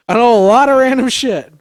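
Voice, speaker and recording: A man's voice: extremely high pitch, normal speed, no room sound. A young man, co-hosting a podcast in a living room, tipsy, loose and profane, telling stories and laughing. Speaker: podcast co-host. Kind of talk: drunk casual chat.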